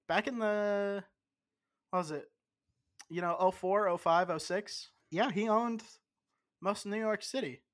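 A man's voice: fairly high pitch, a bit bright. Tipsy man rambling with stumbling restarts. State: tipsy from drinking. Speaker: podcast co-host. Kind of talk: casual podcast banter.

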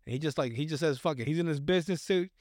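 A podcast co-host rambles through a casual film recap, swearing often and acting out the characters' lines. His voice is on the high side and a little mellow, he talks at a racing pace, and the recording is dry and studio quality.

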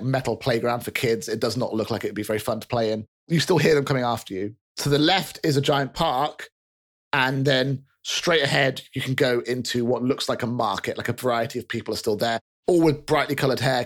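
A man narrating a tabletop game as game master, in a brisk, casual, descriptive way. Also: medium pitch.

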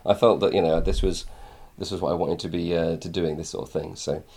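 A man's voice: low voice, fairly even intonation, a little fast, gravelly, darkish tone. A man and former book editor chatting casually, rambling with many fillers and restarts. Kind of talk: casual conversation.

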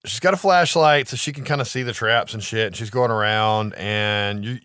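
A man co-hosting a podcast, retelling a movie plot in a casual, animated way with frequent laughs. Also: on the low side, moderate pace, clean tone, no echo, studio quality. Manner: animated storytelling, laughs often, profanity. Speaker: podcast co-host.

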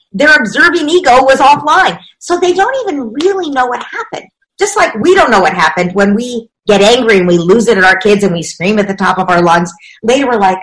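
Woman, slightly high voice, parenting expert, interview guest, emphatic, explains with examples. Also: a bit bright, poor audio. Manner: explanatory and emphatic, acting out parent and child quotes. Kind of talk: conversational interview.

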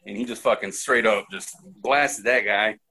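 A man co-hosting a podcast, chatting casually in an excited, profane, rambling way. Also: on the low side, normal speed, slightly rough. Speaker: podcast co-host reviewing a movie. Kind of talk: casual chat.

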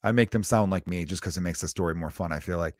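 A man's voice: low voice, fast, a little mellow, no room sound, clean studio sound. A man in his thirties hosting his own podcast, talking casually and motivationally, with the odd swear word. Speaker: podcast host. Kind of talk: casual solo podcast monologue.

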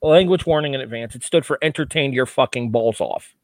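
A man's voice: medium pitch, fairly quick, dry recording. A man co-hosting a podcast, giving a casual wrestling review in an analytical way and swearing freely. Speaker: podcast co-host.

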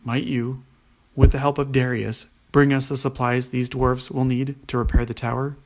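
A man's voice: medium pitch, flat delivery, moderate pace, a little mellow, lightly acted. A man voicing a commanding young princess who speaks graciously and takes charge.

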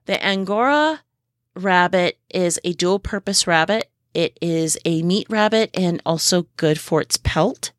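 A woman hosting a podcast in a casual, informative way, unhurried and pausing often with fillers, sharing what she has learned firsthand on her homestead. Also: lowish voice, no echo, studio quality. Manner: unhurried, with many pauses and fillers; speaks from personal homestead experience. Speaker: podcast host.

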